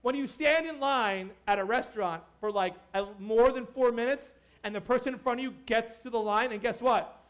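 A man preaching a casual, conversational sermon as a pastor, animated and joking, with many asides to the congregation. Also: extremely high pitch, moderate pace, clean tone.

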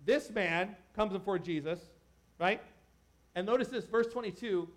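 Male pastor with a high voice; animated, joking, conversational preaching. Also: measured pace. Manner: animated, joking, talks to the crowd with asides. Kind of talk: casual conversational sermon.

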